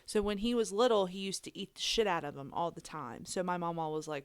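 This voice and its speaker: A woman's voice: lowish voice, fairly quick, clear, resonant tone, dry recording. Woman, thirties, casual podcast co-host, rambling storyteller, dry close sound. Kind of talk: casual chat.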